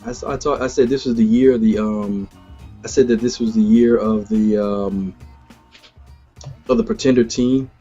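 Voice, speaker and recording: Podcast co-host, man in his thirties, mellow and husky, over a dull lo-fi line. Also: fairly low pitch, moderate pace, long pauses, soft background music. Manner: animated storyteller who laughs often. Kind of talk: casual sports chat.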